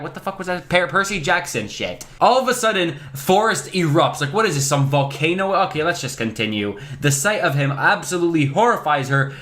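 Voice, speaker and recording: A man's voice: a little high, a bit bright. A young man reading a story aloud to viewers, who often swears and stops to joke about the text. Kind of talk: casual story reading with commentary.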